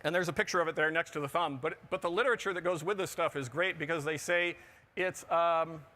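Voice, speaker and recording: A man with a bright, forceful voice pitched a little high, presenting at a conference. He delivers his talk with dry, joking asides. He sounds middle-aged. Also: fast. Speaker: conference speaker. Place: conference pavilion on a show floor.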